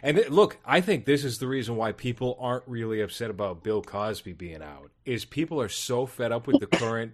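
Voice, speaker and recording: A man's voice: medium pitch, lively intonation, a little fast, few pauses. A man talking bluntly in casual podcast chat, opinions and asides.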